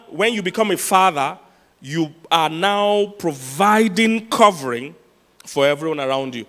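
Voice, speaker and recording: A pastor with a rather high, slightly bright voice preaches a sermon, telling stories with laughter and repeating key points for emphasis. Long reverb carries his voice through a large church hall.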